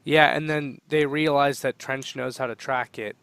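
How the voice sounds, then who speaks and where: A man co-hosting a podcast in casual chat, animated and quick to argue his point. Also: mid-range voice, gravelly, clear, resonant tone, no echo. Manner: animated, talks over others, laughs often. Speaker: podcast co-host.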